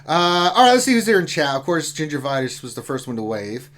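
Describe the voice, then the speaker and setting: A man's voice: fairly high pitch, big pitch swings, fast talker, fairly bright tone. A man hosting a lunchtime gaming live stream, joking around and reading out viewer comments in a casual chat. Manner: joking, banter-filled.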